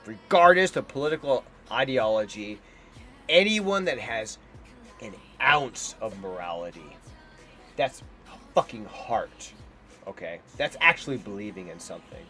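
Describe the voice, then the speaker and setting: A man's voice: on the low side, lively intonation, unhurried, bright, forceful tone, soft background music. A man giving heated, scornful reaction commentary on a debate clip. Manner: indignant, heated and scornful, ranting. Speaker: political commentator.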